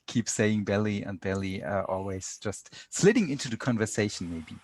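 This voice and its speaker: A man with a German accent, a podcast guest answering questions in casual chat with many pauses and restarts. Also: fairly low pitch, expressive, darkish tone, slight background noise. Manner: hesitant, many fillers and restarts.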